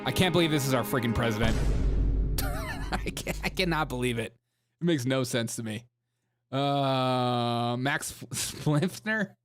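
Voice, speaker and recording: Joking and laughing frequently, a young man runs a comedic political livestream and reads chat messages aloud over background music. His medium-pitched voice is animated but unhurried.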